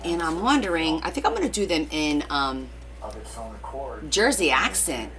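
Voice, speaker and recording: Chatty lady on a craft livestream, bright voice, faint music behind. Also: deep voice, expressive, normal speed. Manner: chatty, joking, laughs often. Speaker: craft live-stream host. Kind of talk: casual chat while crafting, reading viewer comments.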